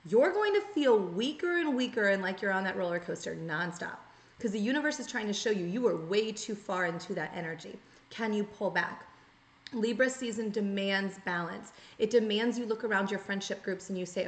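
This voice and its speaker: Speaking briskly at a medium pitch, a woman gives a direct-to-camera tarot reading in an echoey room with faint background noise. She's earnest and coaching, voicing the inner thoughts she quotes.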